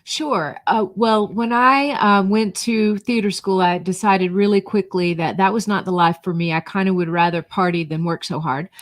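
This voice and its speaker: A woman's voice: mid-range voice, fairly even intonation, moderate pace, hardly any pauses, dry recording. Middle-aged woman guest with a barely-there Southern accent; easy, laughing storyteller, dry close mic. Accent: faint Southern US, mostly neutralized. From North Georgia, USA. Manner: chatty storyteller, laughs easily. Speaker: guest, brand coach and podcast host. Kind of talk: conversational interview.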